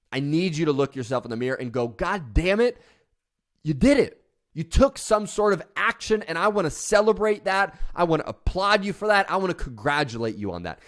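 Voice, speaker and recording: Casting note: male motivational speaker, fairly high voice, passionate and emphatic. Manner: passionate, emphatic, mocking voice at the start. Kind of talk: motivational talk.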